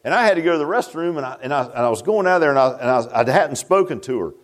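A man's voice: mid-range voice, animated, fast. A middle-aged man, preaching a sermon as pastor, pressing questions with a rhetorical "huh?". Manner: preachy, rising to fervent emphasis with rhetorical "huh?".

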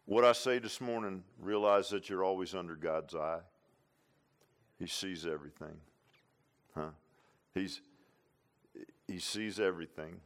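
A man's voice: deep voice, a little slow, long pauses. A man preaching a sermon, repeating lines for emphasis and tossing in "huh?" and "amen.". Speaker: pastor.

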